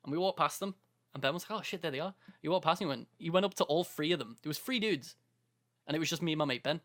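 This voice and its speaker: A young adult man speaks quickly in a slightly high, somewhat bright voice while co-hosting a podcast. He's telling a story in easygoing chat, playing out quotes and laughing a lot.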